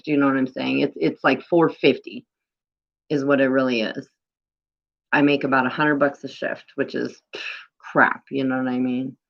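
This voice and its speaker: Woman, low voice, animated rambling vent, swears, live stream, muffled phone audio. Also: creaky. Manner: animated, rambling, swears, lots of "you know what I mean". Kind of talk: venting casual live stream.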